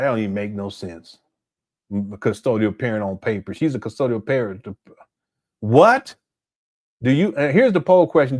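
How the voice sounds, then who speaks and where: A man's voice: medium pitch, darkish tone. A man hosting a reaction commentary, incredulous and indignant, laughing often. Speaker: commentary channel host.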